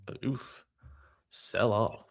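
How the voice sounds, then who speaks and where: A man co-hosting a live trading stream, self-deprecating in casual talk. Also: extremely slow.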